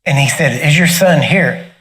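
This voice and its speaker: A middle-aged man telling a personal testimony in a casual, animated way, often laughing and acting out the other people in the story. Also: on the high side, normal speed. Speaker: minister sharing a testimony.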